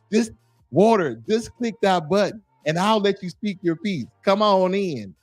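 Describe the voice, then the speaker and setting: A man's voice: high voice, animated, normal speed, no echo, faint music behind. A man hosting a livestream, reading chat comments aloud and repeatedly goading a commenter to join the call. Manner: taunting, calls a chatter in over and over. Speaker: livestream host.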